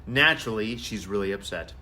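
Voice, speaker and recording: A man, a family therapist, hosting a live advice talk in a conversational, animated way. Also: fairly low pitch, brisk. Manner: conversational and animated, acts out quotes.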